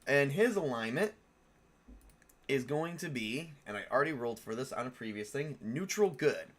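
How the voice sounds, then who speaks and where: A man's voice: mid-range voice, expressive, normal speed. A man hosting a casual live stream, building tabletop game characters, rambling and thinking aloud with frequent chuckles and self-corrections. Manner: self-correcting, answers viewer questions.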